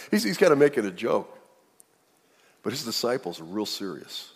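A husky-voiced male pastor preaches with a lively, swooping delivery, often putting on voices for the people in the story. His voice rings out through a church with a long, trailing reverb. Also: medium pitch, a little fast. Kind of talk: sermon.

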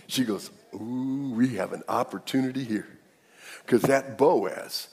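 A man with a husky voice preaches a sermon, talking things through casually and asking his listeners questions. His voice rings out with the long reverb of a large hall. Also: medium pitch. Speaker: pastor.

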